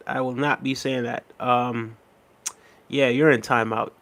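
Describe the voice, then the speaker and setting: This Jamaican man reads his live-stream viewers' comments out and replies in a laid-back, conversational way, often filling with "um" and "you know what I mean". He speaks unhurriedly at a medium pitch.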